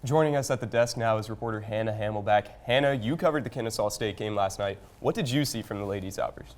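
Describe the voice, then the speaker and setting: A man's voice: lowish voice, fast. A young man anchoring a sports news show, delivering scripted lead-ins and chatting steadily with casual fillers.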